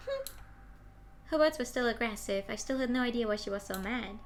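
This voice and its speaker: A young woman streaming a story game, reading the narration and dialogue aloud in a slightly high voice and breaking off to comment. A faint hiss sits under her voice. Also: lively intonation, brisk. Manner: chatty, reads game text and comments on it. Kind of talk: playing and reading a visual novel aloud.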